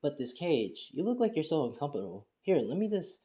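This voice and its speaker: A man's voice: a little high, very animated, brisk, mellow, pitched above the performer's own voice. Man telling of a cheerful young ninja. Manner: casual, plain retelling. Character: cheerful young male ninja, upbeat and carefree.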